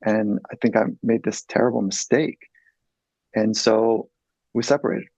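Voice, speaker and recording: Gravelly middle-aged man telling a candid story. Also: fairly low pitch, level tone, measured pace, a little mellow, dry recording, rough recording. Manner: earnest, blunt, swears freely. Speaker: psychologist guest.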